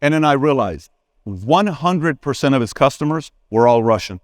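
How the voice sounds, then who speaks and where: A man in his forties speaking on a conference stage and answering an audience question, telling stories and acting out conversations, with sudden jumps in pitch when he quotes people. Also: normal speed, dry recording, studio quality. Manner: animated, acts out dialogue with sudden pitch jumps; addresses crowd directly, asks for a show of hands. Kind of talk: live Q&A on stage, storytelling.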